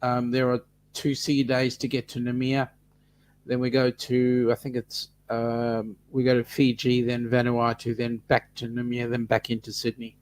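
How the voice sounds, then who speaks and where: A man joins a live chat as a guest, talking in a relaxed, easygoing way with plenty of fillers. His voice sits at an ordinary pitch, and a faint hum runs behind him. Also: moderate pace. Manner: easygoing, explains plans with fillers. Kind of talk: casual chat.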